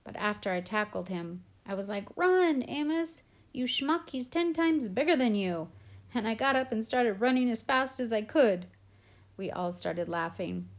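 A woman voicing an excitable young boy who shouts, in an audiobook reading. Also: medium pitch, normal speed, natural voice. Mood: excited.

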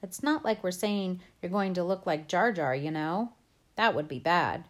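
A woman's voice: fairly low pitch, animated, moderate pace, natural voice. Woman doing an upbeat ear doctor, joking, reassuring, explanatory, storybook reading.

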